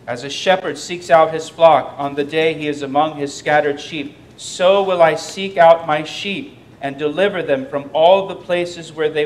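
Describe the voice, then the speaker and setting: A man's voice: fairly high pitch, slight background noise. A man, a pastor, giving a verse-by-verse sermon, reading scripture aloud with rising emphasis and explaining it plainly between verses.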